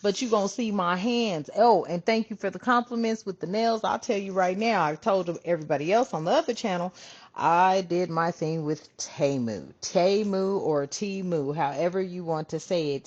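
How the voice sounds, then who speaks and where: Low-voiced casual female card reader, lively swings, muffled home recording. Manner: chatty, swears freely, calls viewers family. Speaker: tarot reader. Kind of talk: casual spiritual channel talk. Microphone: camera on her hands. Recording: dull lo-fi sound.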